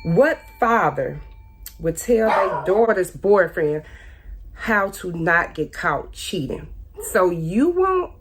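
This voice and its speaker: A woman's voice: fairly low pitch, big pitch swings, slow pace, husky. Woman venting candidly about her ex. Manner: candid, repetitive, pointed, Southern-tinged informal grammar. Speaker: speaking out about her ex-husband. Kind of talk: emotional personal testimony.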